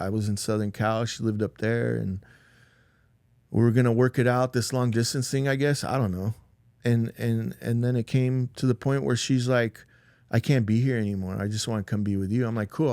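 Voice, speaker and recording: A man's voice: mid-range voice, a little mellow, no echo, studio quality. A man telling a personal story as a podcast guest. He talks casually, saying "like" and "dude" a lot, and he acts out the quoted lines in a raised voice. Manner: loose, rambling, with lots of "like" and "dude".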